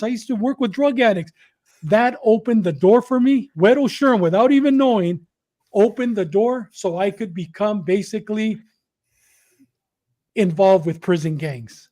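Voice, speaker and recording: An older man from Southern California with a high voice tells his stories as a guest. He acts out the back-and-forth dialogue with energy, repeating words and restarting his phrases as he goes. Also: moderate pace, dark tone. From Southern California, USA. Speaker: podcast guest, former correctional officer. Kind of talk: conversational storytelling.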